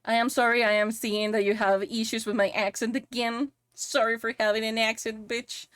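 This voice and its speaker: A woman's voice: a little high, flat delivery, moderate pace, a bit bright, clean tone, no room sound, studio quality. A woman with a Spanish accent chatting casually on a live stream while she works, giggly and swearing playfully. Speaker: VTuber streamer and model rigger.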